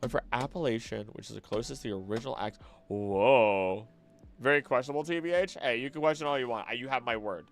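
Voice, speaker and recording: A young man from the Southern United States streams a casual late-night chat in a fast, medium-pitched voice, reading chat messages aloud. He rambles, corrects himself, and mutters while reading, over faint background music and keyboard typing.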